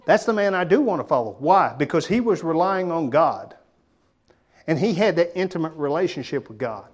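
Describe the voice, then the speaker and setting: A male preacher giving a sermon in a conversational, folksy way, often dropping to a quiet, emphatic tone. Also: on the high side, expressive, moderate pace.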